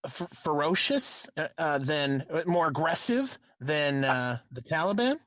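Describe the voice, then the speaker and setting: Lively, animated podcast host. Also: male voice, a little high, measured pace, no room sound, studio quality. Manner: animated, swears freely. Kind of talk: casual podcast chat.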